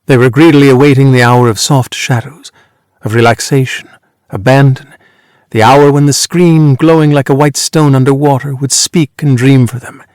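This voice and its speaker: A man narrating a literary novel in a measured, even reading voice. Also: medium pitch, dry recording, clean studio sound. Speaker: audiobook narrator.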